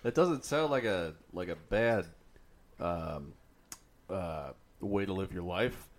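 A man's voice: low voice, expressive. Young man, podcast co-host, casual banter, profane jokes. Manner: joking, profane, quick reactions. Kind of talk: casual chat.

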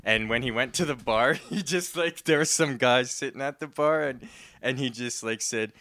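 Bright, clear-voiced young man. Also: mid-range voice, moderate pace. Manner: rambling, laughs often, acts out voices. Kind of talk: casual chat.

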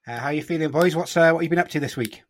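A man's voice: fairly high pitch, racing. A young man hosting a casual podcast chat, teasing his co-hosts and steering the talk. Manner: teasing, jokey, leads the chat. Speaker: podcast host.

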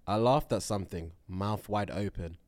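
A man's voice: low voice, moderate pace. A young man from co-hosting a podcast, reading listener submissions aloud in playful banter. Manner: reads lines aloud then laughs, lively and playful. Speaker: podcast co-host.

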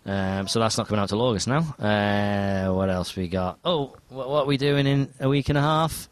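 A man's voice: on the low side, moderate pace. A man hosting a casual podcast chat, rambling and enthusiastic as he steers the talk. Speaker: podcast host.

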